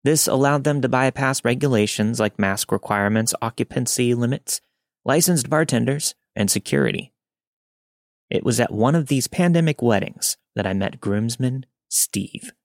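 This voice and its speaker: A man's voice: mid-range voice, normal speed, no echo. Man narrating a creepy story, dry. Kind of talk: scripted horror story narration.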